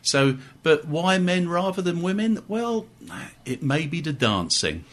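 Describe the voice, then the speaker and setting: Bright voiced guy chatting on local radio, keeps restarting his sentences, studio mic. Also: fairly high pitch, big pitch swings, unhurried. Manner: chatty, with frequent restarts and fillers. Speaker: guest, amateur operatic society member. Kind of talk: casual radio interview.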